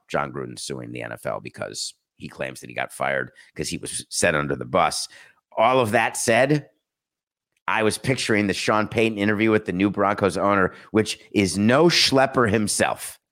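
A man's voice: fairly low pitch, a bit bright. A middle-aged man hosting a sports talk show, commenting casually with sarcastic, mocking asides. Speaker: sports talk podcast host.

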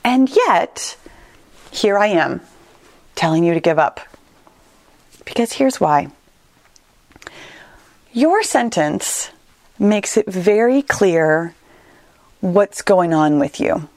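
A woman's voice: on the low side, lively intonation, takes it slowly, pauses often, darkish tone, no echo. A woman coaching listeners on a solo podcast, talking in an earnest, reassuring and conversational way. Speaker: weight-loss coach, podcast host.

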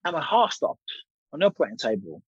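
Male guest in his 30s, husky voice, candid storyteller who swears, dull dry recording. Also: a little high, wildly swooping pitch, fast talker, no room sound. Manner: candid, swears freely, rambling restarts. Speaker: guest, former boxer. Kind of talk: casual storytelling interview.

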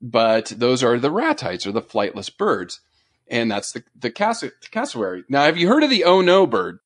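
A man co-hosting a casual animal podcast, telling stories with animated delivery and frequent laughter. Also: medium pitch, normal speed, no room sound. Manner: animated storytelling, laughs often. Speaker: podcast co-host. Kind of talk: casual chat.

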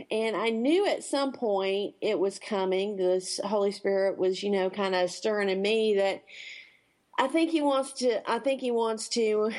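Southern woman telling an unhurried story. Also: mid-range voice, darkish tone. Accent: Southern American. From Kentucky, USA. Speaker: radio guest. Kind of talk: casual radio interview.

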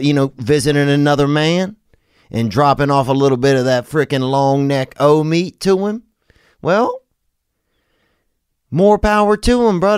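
A man's voice: medium pitch, smooth, no echo, clean studio sound. A man hosting a podcast, riffing in casual comedic chat with rambling, slangy, absurd monologues. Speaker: podcast host.

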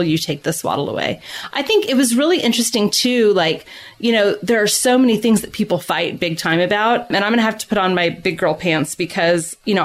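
Middle-aged lady guest on a podcast, chatty, lots of "like", laughs easy. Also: mid-range voice. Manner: chatty and animated, many fillers, laughs easily. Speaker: guest author of a parenting book. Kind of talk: casual podcast interview.

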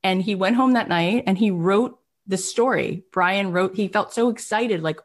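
A woman's voice: mid-range voice, normal speed. Chatty woman podcast host, lots of "like". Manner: animated, chatty, many "like" fillers; lively acted-out quotes in a raised voice. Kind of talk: casual storytelling monologue.

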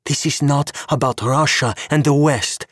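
A man voicing a sharp-tongued woman KGB agent and sorceress in an audio story, mocking and scolding. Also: medium pitch, animated, moderate pace, slightly rough, no room sound, studio quality, voice pushed up. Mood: urgent.

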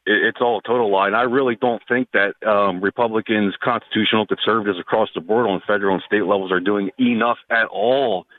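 Male radio caller, earnest, talks fast, lowish voice, heard over a thin phone line. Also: fairly even intonation, no room sound. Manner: earnest, agreeing. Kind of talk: call-in radio conversation.

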